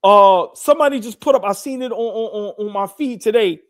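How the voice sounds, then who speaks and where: High-voiced rambling man in casual chat. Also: fairly quick. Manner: rambling, restarts a lot, says "listen" often. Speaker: podcast co-host.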